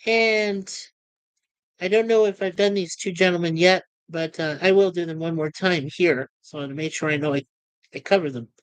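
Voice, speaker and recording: A woman's voice: on the low side, normal speed, smooth, dry recording. A woman giving a casual, rambling spoken review of TV episodes, with chatty asides.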